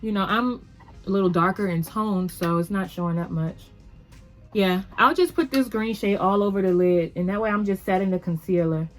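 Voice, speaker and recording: A woman beauty vlogger chatting straight to her camera at home, upbeat and a little rambling. Her pitch sits in a middle range for a woman. Soft music plays faintly behind her. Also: moderate pace. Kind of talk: casual makeup tutorial chat.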